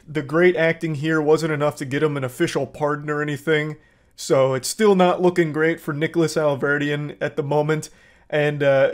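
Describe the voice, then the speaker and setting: Sarcastic male reaction commentator. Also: a little high. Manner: sarcastic, animated.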